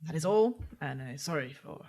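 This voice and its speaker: A woman voicing a gruff male half-orc debt collector who speaks bluntly. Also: deep voice, expressive, normal speed, darkish tone. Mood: grudging. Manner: blunt and brusque.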